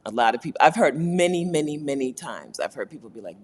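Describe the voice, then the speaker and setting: A woman's voice: extremely low pitch, very animated, quick pace, darkish tone, slightly rough. A woman hosting a casual livestream chat, talking candidly and laughing often. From United States. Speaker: host.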